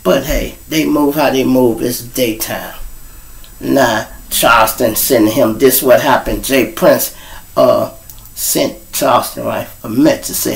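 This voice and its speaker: Animated cussing man. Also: unhurried, creaky, poor audio. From Chicago. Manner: animated, swings from low mutters to loud outbursts, cusses freely. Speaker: show host and storyteller. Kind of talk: casual monologue to a live audience. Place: home room.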